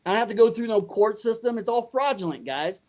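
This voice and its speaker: Animated middle-aged man telling a story. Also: sits high, fast. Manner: animated, acts out dialogue. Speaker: guest. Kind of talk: storytelling interview.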